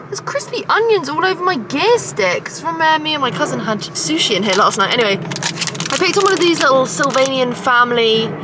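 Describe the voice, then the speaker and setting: A woman's voice: high voice, sing-song, a little fast. Young woman, casual car vlog, sweary storytelling, self-mocking, noisy traffic behind. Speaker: vlogger. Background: road and engine noise.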